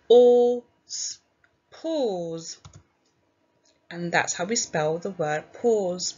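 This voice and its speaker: Slow, clear woman teaching phonics. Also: medium pitch, muffled recording. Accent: British English. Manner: slow, clear, sounding out each letter. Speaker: primary school teacher. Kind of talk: recorded phonics lesson for young children.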